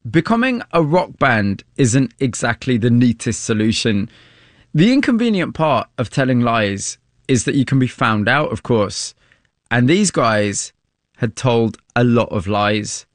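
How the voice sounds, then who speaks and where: A man's voice: mid-range voice, big pitch swings, a little slow, no room sound, studio quality. A man hosting an interview, asking probing questions and narrating parts of the story.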